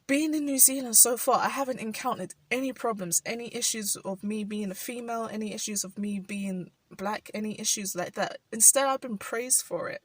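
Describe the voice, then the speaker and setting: A young woman with a London accent reflects on camera in an unhurried, personal way, often saying "like" as she thinks. Her voice is husky and a touch breathy. The recording is dry and set a bit back from the microphone. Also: medium pitch, dry recording, far from the mic, rough recording. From South London, England. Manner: thoughtful, frequent "like" fillers, soft laughs. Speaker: vlogger. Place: indoors while rain falls outside.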